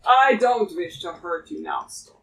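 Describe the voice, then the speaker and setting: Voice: medium pitch, huge pitch swings, a little slow, a bit bright, recorded from a distance, faint music behind, exaggerated voice. A game master voicing a scheming former enemy warrior, a man with a Russian accent who talks in a smug, mock-friendly, menacing way.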